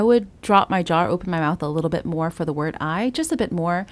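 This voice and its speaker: A woman voice coach teaching a song, explaining calmly and singing short example lines. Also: on the low side, a little fast, hardly any pauses. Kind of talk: singing lesson.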